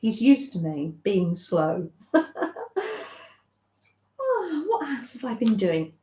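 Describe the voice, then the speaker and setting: Gentle woman chatting slowly. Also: medium pitch, wildly swooping pitch, reverberant, dull audio. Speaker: craft channel host. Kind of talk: casual livestream chat with viewers.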